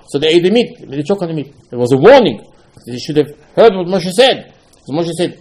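A man teaching a Torah lecture in halting English, repeating phrases for emphasis. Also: fairly high pitch, expressive, a little mellow.

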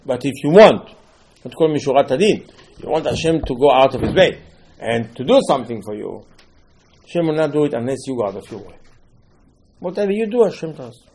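A man delivers a sermon in slightly broken. His voice is husky. He swings from loud, emphatic lines to quiet asides. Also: mid-range voice, expressive, fairly quick, pauses often, rough recording. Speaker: rabbi.

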